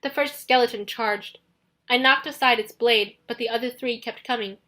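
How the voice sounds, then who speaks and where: A woman reads a first-person audiobook with steady, dramatic storytelling. Her voice is fairly high and bright, with a forceful edge. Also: normal speed. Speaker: audiobook narrator.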